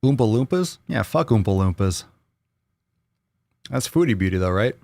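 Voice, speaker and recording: Casting: American man, livestream host, lowish voice, loose joking banter, dry close sound. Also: lively intonation, normal speed, gravelly, a little mellow, no room sound. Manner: rambling, repeats himself, joking banter with chat. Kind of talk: casual live Q&A chat.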